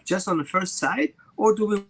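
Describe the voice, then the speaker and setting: A man's voice: sits high, expressive, normal speed, a bit bright, husky, low-quality recording. A man, a dog trainer, explaining over a video call and acting out little scenes between dogs and people. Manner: voices the dog and people in quoted asides. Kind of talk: animated explaining with acted examples.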